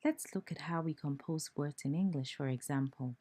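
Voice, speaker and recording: Woman, Ghanaian accent, low mellow voice, slow careful pronunciation lesson. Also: husky. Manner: slow, deliberate, spells out sounds. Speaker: language teacher.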